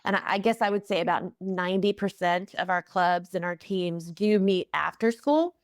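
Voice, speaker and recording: A woman's voice: on the low side, normal speed, dry recording, clean studio sound. A woman being interviewed as the head of a math organization, explaining its programs in an earnest, enthusiastic way. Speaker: executive director of a math organization, guest. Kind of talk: interview answers.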